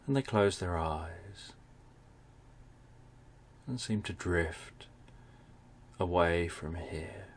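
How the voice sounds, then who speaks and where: A man narrating a bedtime story for adults, speaking in a soft, soothing way. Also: low-pitched, extremely slow, pauses often, a little hiss or hum.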